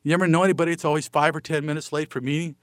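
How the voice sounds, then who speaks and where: A man's voice: on the high side, steady tone, rapid-fire, no echo, studio quality. A middle-aged man giving a motivational talk, folksy and full of rhetorical questions, acting out the voices in his stories. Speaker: motivational speaker.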